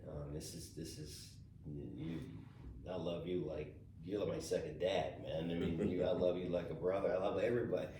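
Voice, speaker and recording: A middle-aged caddie with a deep, low voice tells stories in a loose, halting way, often stumbling over repeated words. He sits some distance from the mic in a roomy, echoing space, and a faint hiss of background noise runs under his voice. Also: level tone, dark tone. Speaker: golf caddie. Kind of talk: casual storytelling interview.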